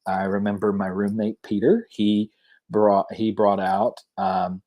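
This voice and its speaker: A man's voice: fairly low pitch, fairly even intonation, a little slow, dark tone. A man in his thirties with a Southern US accent, a podcast guest chatting casually and rambling through restarts. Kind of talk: casual chat.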